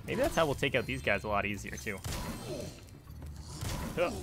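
A man's voice: mid-range voice, very animated, normal speed. A young man commenting casually on his video game playthrough, chatty and easily distracted. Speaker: gameplay streamer. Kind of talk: casual let's-play commentary.

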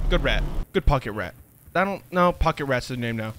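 Excitable young guy gaming commentary. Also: medium pitch, normal speed. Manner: excitable, joking, swears and laughs a lot. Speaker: gaming video host. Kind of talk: let's-play commentary.

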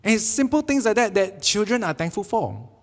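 A man preaching a sermon with a Singaporean English accent, telling jokey, animated stories and acting out quotes. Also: sits high, fairly quick, long reverb tail. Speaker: pastor. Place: church sanctuary.

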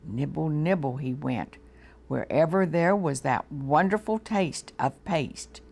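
A woman with an American accent reading a storybook aloud to children on a TV show, slow and gently expressive. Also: deep voice, vocal fry, slightly rough. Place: TV studio.

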